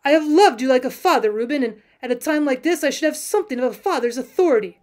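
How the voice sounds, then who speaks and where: A woman voicing a dying old male frontier hunter who speaks in a solemn, pleading, old-fashioned way, in a high voice. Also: expressive, fast talker, a little mellow. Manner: solemn, pleading, archaic speech.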